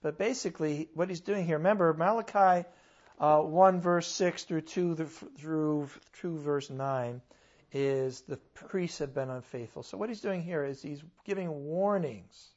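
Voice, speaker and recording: A man's voice: a little high, a little slow, darkish tone, muffled recording. A man preaching a sermon in church, conversational and earnest, with sudden bursts of emphasis.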